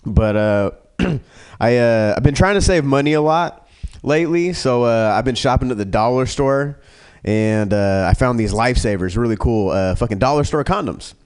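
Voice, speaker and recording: A man doing a stand-up comedy set, rambling and profane, full of fillers and restarts, who jumps to a higher pitch when he acts out other people. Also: animated, normal speed, darkish tone, smooth. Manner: acts out characters in a raised pitch.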